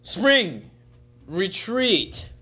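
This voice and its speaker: A teenage boy hosts a church youth news bulletin in a goofy, joking way. He teases his co-hosts with deadpan put-downs between announcements. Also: sits high, extremely slow, soft background music. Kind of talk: jokey announcements.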